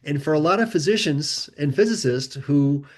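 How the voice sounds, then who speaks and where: A man's voice: on the high side, moderate pace. Male podcast guest. Conversational storyteller who acts out quoted dialogue. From United States. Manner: animated, acts out quoted voices. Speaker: guest author.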